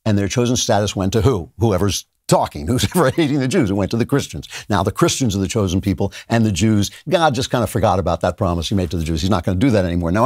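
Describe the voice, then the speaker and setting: A man's voice: lowish voice, darkish tone, dry recording, clean studio sound. An older man hosting a show, delivering an emphatic opinion monologue in a lecturing manner. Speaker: show host.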